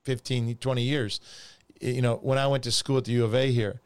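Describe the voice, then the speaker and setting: Pastor guy in his 50s, animated, does little voices when quoting people, smooth resonant tone. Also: mid-range voice, brisk, dry recording, clean studio sound. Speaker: pastor and co-host. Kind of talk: casual faith conversation.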